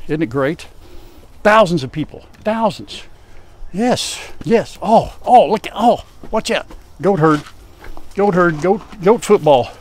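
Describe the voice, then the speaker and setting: A man's voice: high voice, expressive, slow pace. An older man hosting a farm vlog outdoors, chatting in a folksy, wry way to viewers. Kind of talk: casual vlog to camera. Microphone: lapel.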